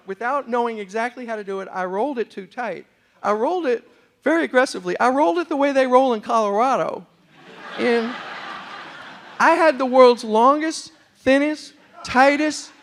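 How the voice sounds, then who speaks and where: Middle-aged male storyteller from New York, high gravelly voice, animated comic pacing, talks to the room. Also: a little fast. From New York City. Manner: animated comic delivery with audience asides. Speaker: storyteller and motivational speaker. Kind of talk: humorous storytelling talk. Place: university lecture hall.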